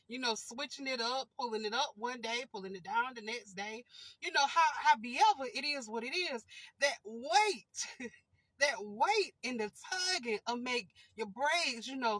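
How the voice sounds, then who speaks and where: A woman's voice: high voice, bright, forceful tone, no echo, rough recording. Giggly woman telling a funny story. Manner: giggly, keeps fighting back laughter; chatty, repeats and restarts. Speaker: vlogger. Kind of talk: casual storytelling.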